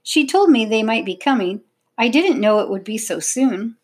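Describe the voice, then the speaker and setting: A woman's voice: fairly high pitch, expressive, moderate pace. A woman voicing an eager, proud young girl in an audiobook. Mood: triumphant.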